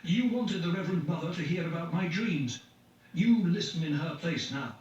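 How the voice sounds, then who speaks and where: A man's voice: high voice, takes it slowly, voice pushed up. Man putting on a raised, strained voice for a bitter young man. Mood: urgent. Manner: urgent, strained delivery. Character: young man, intense and bitter, edging on hysteria. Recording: echoey, distant, dull lo-fi, faint hiss.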